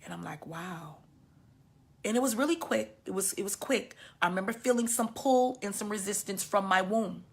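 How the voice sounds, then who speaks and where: A woman in her fifties giving a personal testimony, emotional and halting, her voice often dropping soft and low. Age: 50s. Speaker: women's healing teacher sharing her story.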